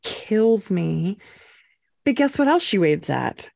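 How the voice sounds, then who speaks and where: A young woman co-hosting a podcast, telling a story in a casual, animated way and acting out quotes. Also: mid-range voice, slow, creaky, no echo, clean studio sound. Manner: animated, acts out quotes with swearing and laughs. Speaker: podcast co-host.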